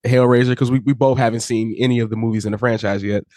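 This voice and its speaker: A man co-hosting a casual podcast, relaxed and loose, talking through a slight cold that leaves him a bit hoarse. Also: mid-range voice, fast talker, dry recording, studio quality. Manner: relaxed, loose, with frequent fillers and laughs. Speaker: podcast co-host. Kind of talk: casual chat.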